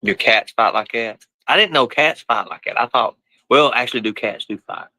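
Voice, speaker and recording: A man talks loosely to his pets and viewers, with a bright, forceful tone. His speech is rough and colloquial, full of casual swearing. The sound is close and dry. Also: mid-range voice, normal speed, no echo, low-quality recording. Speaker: live streamer. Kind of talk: casual live-stream chat.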